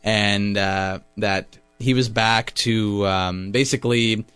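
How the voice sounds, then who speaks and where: A man co-hosting a radio talk show, retelling events in a casual, lively way and acting out quotes. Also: fairly low pitch, slow pace, smooth, dry recording, faint music behind. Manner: lively storyteller, acts out quotes. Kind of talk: casual chat about wrestling.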